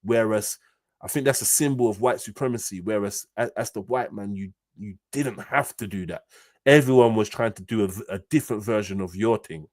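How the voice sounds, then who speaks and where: A man in casual chat, animated and slang-heavy, dropping low and soft then rising loud and high. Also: a little fast, no room sound. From United Kingdom. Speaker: livestream host.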